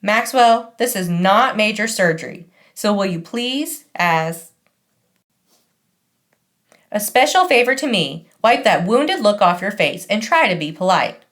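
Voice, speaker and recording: Audiobook: woman reading a proper, scolding grandmother, lively pitch. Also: measured pace. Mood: prim. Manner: polite but scolding, formal. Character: prim, proper older grandmother. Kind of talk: audiobook character voice.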